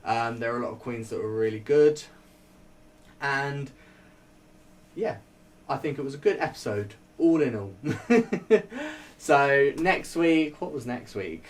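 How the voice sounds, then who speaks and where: A man chats through his thoughts in a loose, rambling way, leaning on fillers and breaking into little laughs. His voice sits at an ordinary middle pitch. The mic is set slightly away from him, so he sounds a touch distant. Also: lively intonation, measured pace, pauses often. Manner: chatty, rambling, laughs often, many fillers. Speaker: vlogger reviewing a TV show. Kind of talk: casual spoken review.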